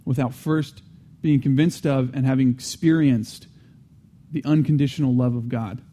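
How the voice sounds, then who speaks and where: A man preaching in an earnest, teaching manner, with a mellow, warm tone. He circles back to repeat his main points and slips in casual asides between restarts. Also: mid-range voice, steady tone, normal speed. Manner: frequent restarts and fillers, conversational asides. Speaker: Christian teacher. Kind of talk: teaching sermon.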